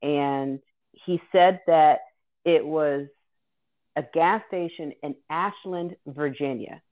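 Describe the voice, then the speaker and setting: A woman's voice: low-pitched, slow. A woman telling an earnest, vivid personal story as a guest host. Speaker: guest host sharing her caregiving story. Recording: tinny phone-like audio.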